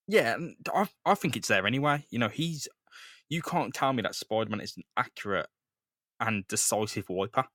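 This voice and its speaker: A man's voice: medium pitch, animated, normal speed, no echo, studio quality. A young man co-hosting a podcast, recapping a comic book with casual, sweary banter. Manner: recaps the comic with sweary banter, swinging between mumbles and loud bursts. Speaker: podcast co-host. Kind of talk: casual comic book read-through chat.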